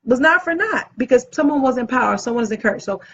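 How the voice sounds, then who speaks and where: A woman's voice: fairly high pitch, lively intonation, quick pace, a bit bright, husky, dull audio. A woman who plans events, giving an enthusiastic motivational talk to camera and talking with her hands. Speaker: event planner and channel host.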